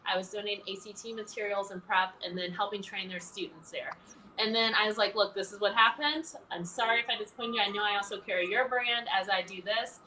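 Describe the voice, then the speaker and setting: A woman's voice: mid-range voice, fast, bright, forceful tone, a little hiss or hum, poor audio. A woman talking animatedly as an interview guest, laughing often as she tells her story. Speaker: interview guest, former pageant titleholder. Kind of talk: casual interview chat.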